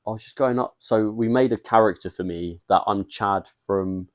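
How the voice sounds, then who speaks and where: A man's voice: lowish voice, moderate pace. A young English man co-hosting a casual chat, rambling through stories and laughing often. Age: young adult. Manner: laid-back, laughs a lot, rambling storyteller. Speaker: podcast co-host.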